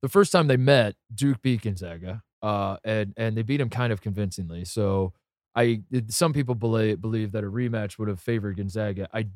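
A man's voice: on the low side, moderate pace, a little mellow, dry recording, studio quality. A man co-hosting a casual sports podcast, talking animatedly, piling up rhetorical questions with many restarts.

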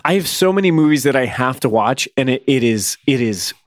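A man's voice: mid-range voice, expressive, a little fast, no echo. A man co-hosting a casual podcast about movies, talking with wry, dry humor. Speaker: podcast co-host.

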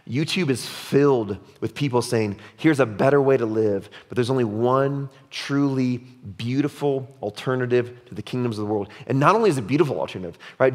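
A male pastor giving a sermon in a conversational style, often asking "right?" and dropping low and soft for emphasis. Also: long reverb tail.

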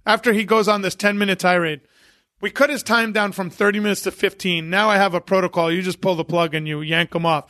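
A man, an event promoter, telling lively stories as a guest on a podcast and acting out what people said. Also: sits high, fairly quick, dry recording, studio quality. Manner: animated anecdote-teller who acts out quotes. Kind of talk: casual interview storytelling.

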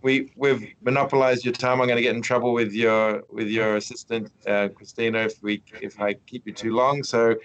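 A man's voice: medium pitch, little pitch movement, fairly bright tone, highs cut off. Rambling male podcast host. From Australia. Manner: rambling, halting, many restarts and fillers. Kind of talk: casual interview chat.

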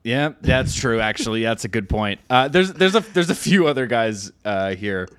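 A man's voice: medium pitch, animated, moderate pace, a bit bright, clear, resonant tone, no room sound, studio quality. A man co-hosting a casual sports podcast, easygoing, trading stats and jokes. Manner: easygoing, lots of fillers and restarts. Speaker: podcast co-host.

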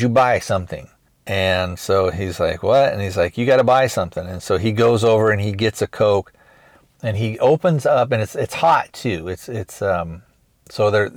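Low-voiced man rambling through a film recap. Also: no room sound. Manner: rambling, retells scenes with quick acted quotes. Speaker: podcast host reviewing a film. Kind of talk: casual spoken film recap.

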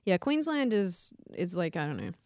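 A woman's voice: fairly low pitch, very animated, moderate pace, a little mellow, dry recording, clean studio sound. A woman co-hosting a podcast, chatting casually with frequent laughs and fillers. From Australia. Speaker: co-host.

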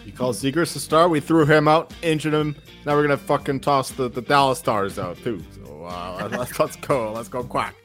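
A man's voice: mid-range voice, moderate pace, few pauses, a bit bright, soft background music. A man co-hosting a podcast in casual sports betting chat, with joking, rambling banter. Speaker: podcast co-host.

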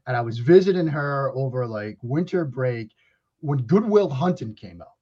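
A man's voice: mid-range voice, expressive, moderate pace, mellow, slightly rough. A man in his forties from Waltham with a Boston accent, a guest chatting casually on a podcast and telling stories with frequent restarts. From Waltham, Massachusetts. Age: 40s. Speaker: guest analyst. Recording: lo-fi remote audio.

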